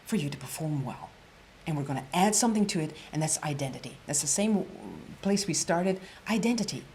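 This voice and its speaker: Woman presentation coach, lowish voice, high energy, repeats lines, whispers key points for emphasis. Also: very animated, normal speed, darkish tone, a little hiss or hum. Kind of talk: storytelling workshop lecture.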